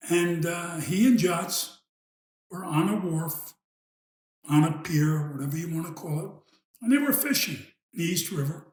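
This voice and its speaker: Man, new york accent, high voice, slow storytelling, echoey room. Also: lively intonation. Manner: unhurried, with long pauses and trailing asides. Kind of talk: casual family storytelling.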